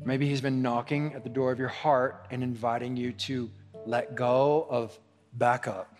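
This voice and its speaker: A man's voice: medium pitch, fairly even intonation, a little slow. A man preaching a sermon as pastor, earnest and repetitive, his delivery swelling in intensity. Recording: long hall reverb with faint guitar music.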